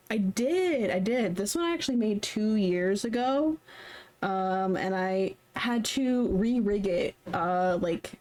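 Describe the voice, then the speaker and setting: A young woman with a medium-pitched, slightly mellow voice chats casually on a live stream while drawing fan art. She rambles and is self-deprecating.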